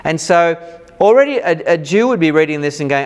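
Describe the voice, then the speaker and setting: A man's voice: on the high side, brisk. Man teaching the Bible conversationally. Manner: animated, acts out reactions in lively quoted voices; informal, with fillers and restarts.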